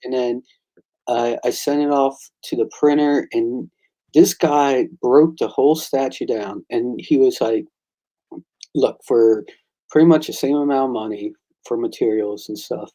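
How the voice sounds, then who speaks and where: A man who creates and draws comics, chatting casually and excitedly, acting out the conversations he recounts. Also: medium pitch, measured pace, rough recording. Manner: excitable storyteller, acts out quoted exchanges. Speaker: comic book creator and artist. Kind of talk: casual chat.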